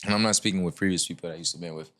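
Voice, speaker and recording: A man who is a guest on a podcast, talking in a relaxed, reflective and casual way. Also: low voice, racing.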